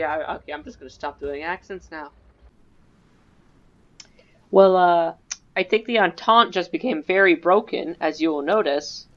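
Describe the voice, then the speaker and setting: With a fairly low voice, an unhurried pace, and long pauses, a gaming creator rambles casually and mocks herself while playing a strategy game. It's recorded on a dull lo-fi mic.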